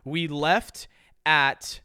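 A young man telling a story on a podcast, casual and animated, with loose slang and swearing. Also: on the high side, drawn-out words, smooth, no echo, studio quality. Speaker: podcast co-host.

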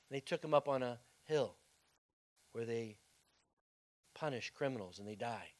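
A male pastor preaching a sermon as dramatic storytelling, swinging from loud bursts to hushed tones. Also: medium pitch, animated, moderate pace, pauses often.

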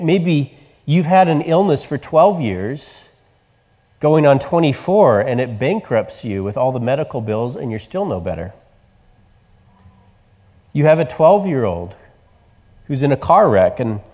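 A man preaching a sermon, telling the story with voices and dropping to soft, tender tones for the quiet words. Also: medium pitch, very animated, measured pace, pauses often, long reverb tail. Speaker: pastor.

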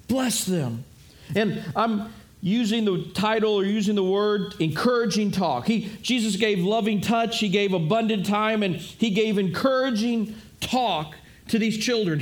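Sex: male. Role: pastor. Style: sermon. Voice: very high for a man. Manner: earnest, repetitive, direct. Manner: earnest, repeats himself, addresses listeners directly.

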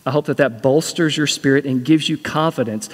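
A man's voice: medium pitch, a little fast, in a large hall. A man preaching a sermon as pastor, earnest and repeating key phrases for emphasis.

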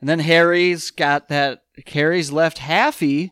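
A man with a fairly high, smooth and clear voice recapping a movie in casual chat. He jokes and slips into quoted lines. The sound is dry and close. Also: fairly even intonation, takes it slowly, fairly bright tone, no room sound. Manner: joking, acts out quoted lines. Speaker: podcast co-host.

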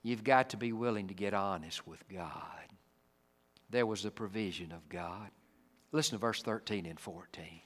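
A man preaching a sermon. He acts out the people in the story and swings between booming lines and hushed ones. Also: moderate pace, in a large hall. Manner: dramatic, acts out the Bible figures, swings from loud to hushed.

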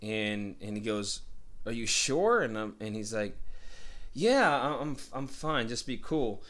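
A man's voice: medium pitch, very animated, unhurried, a bit bright. A man telling a long story in casual chat, swearing a lot and acting out the voices of the people in it. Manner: profane, rambling, acts out voices.

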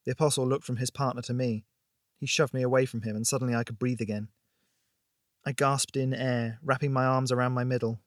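A man narrating a thriller audiobook in a steady, expressive storytelling voice. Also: medium pitch, fairly quick, no echo, studio quality.

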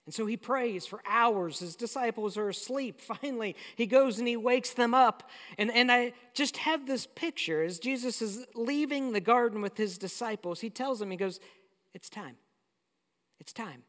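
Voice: medium pitch, normal speed, fairly bright tone. A pastor preaching a sermon in a conversational, storytelling way. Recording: long hall reverb.

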